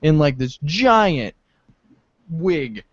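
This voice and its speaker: A young man co-hosts a podcast, telling stories animatedly and laughing often in casual chat. His voice is sing-song and very slow, with no room sound, though the recording is dull and low-fi.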